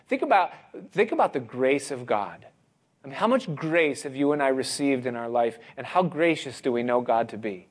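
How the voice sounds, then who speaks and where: A man preaching a sermon, speaking expressively with dramatic pauses and rising emphasis. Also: mid-range voice, expressive.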